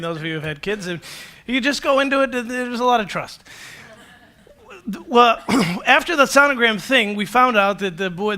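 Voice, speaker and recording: A man in his forties preaching a sermon in a lively storytelling way, acting out quotes with a self-deprecating humor. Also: high voice. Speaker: pastor. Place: church stage.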